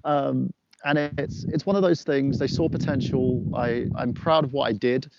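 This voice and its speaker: Gravelly English man, profane storyteller. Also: medium pitch, normal speed, dull audio, background noise. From England. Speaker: podcast guest, former wrestler. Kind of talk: casual podcast chat.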